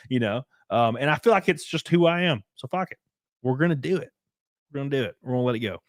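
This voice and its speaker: A man's voice: medium pitch, expressive, fast, no room sound, studio quality. A man with a Southern US rural accent, reading super chats on a livestream in a laid-back, drawling and profane way. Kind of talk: casual livestream chat.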